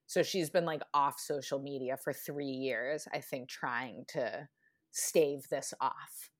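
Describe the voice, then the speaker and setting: A woman's voice: very deep voice, slow. A woman co-hosting a podcast, recounting a story in casual slang with frequent laughs. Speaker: podcast co-host. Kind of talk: casual chat.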